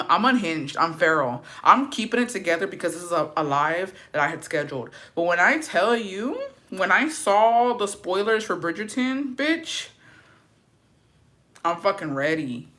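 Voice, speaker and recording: A young woman hosting a casual livestream in a bright, forceful voice. She talks loudly and profanely with lots of energy, and sometimes drops into a hushed whisper. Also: fairly low pitch, moderate pace. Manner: loud, profane and animated, swinging to hushed whispers. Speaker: livestream host. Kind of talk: casual livestream chat reading viewer comments.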